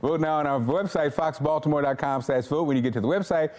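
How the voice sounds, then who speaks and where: A man's voice: on the high side, quick pace, darkish tone. A man hosting a live TV lifestyle show from a studio, bantering playfully and teasing his co-hosts. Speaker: TV show host.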